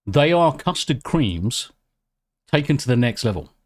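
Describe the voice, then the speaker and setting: Excitable, swearing British man streaming. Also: medium pitch, unhurried. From United Kingdom. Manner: excitable, swears freely, talks while eating. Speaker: live streamer. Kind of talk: casual live-stream chat, reading out chat.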